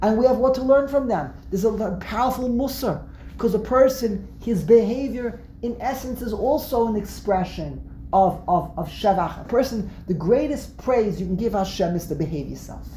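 A woman's voice: mid-range voice, normal speed. A woman teaching a religious text class, explaining with energy, often repeating words as she answers students in a classroom. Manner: animated explaining, frequent word repeats, answers student interjections. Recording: roomy echo, faint background noise.

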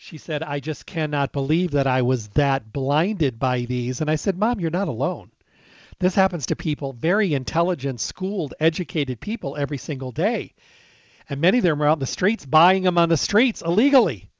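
A man's voice: on the high side, lively intonation, moderate pace, dry recording. A man hosting a casual health talk, telling a personal story and acting out the dialogue in a conversational way. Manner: conversational, retells dialogue, stresses repeated words. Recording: dull dry lo-fi recording.

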